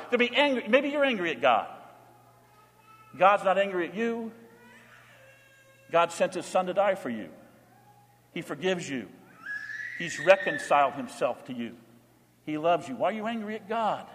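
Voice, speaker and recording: A man preaching to his congregation with a high, light voice that rings through a reverberant church. He shifts between plain teaching and short acted-out pleas, each spoken in a quoted voice. The sermon keeps a steady, earnest delivery throughout. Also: moderate pace, pauses often. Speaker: pastor.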